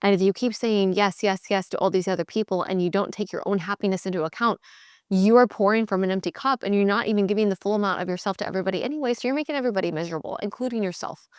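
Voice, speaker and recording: A woman hosting a podcast, giving blunt, animated sales coaching in a casual motivational talk. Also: mid-range voice, rapid-fire, smooth, no echo, studio quality. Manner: blunt, animated, mimics voices in quotes.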